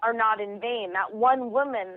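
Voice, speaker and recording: A woman comedian telling an animated story as a radio guest, acting out the people in it. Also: fairly high pitch, moderate pace, no room sound. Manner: excitable, quotes people in her stories. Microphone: phone call. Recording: tinny phone line.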